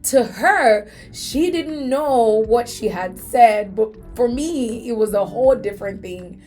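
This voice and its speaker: A woman's voice: fairly high pitch, lively intonation, slow pace, a little mellow, faint music behind. A woman hosting a faith podcast, telling a story in an earnest, emotional way. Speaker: podcast host.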